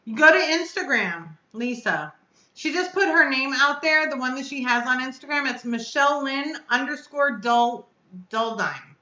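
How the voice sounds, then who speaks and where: A woman's voice: high voice, animated, moderate pace, sharp tone, reverberant, lo-fi sound. A woman hosting a casual live stream, chatting effusively and answering her viewers' comments aloud. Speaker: vape reviewer hosting a live chat.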